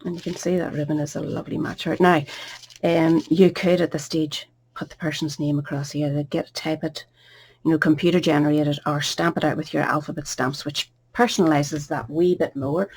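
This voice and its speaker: A woman giving a casual, chatty card-making tutorial, with soft asides under her breath. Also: low-pitched, fairly even intonation, brisk, slight background noise.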